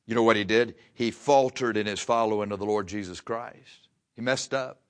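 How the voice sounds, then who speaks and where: A man's voice: on the low side, steady tone, normal speed. A man preaching, telling a Bible story in a folksy way and acting out the voices. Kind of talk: sermon.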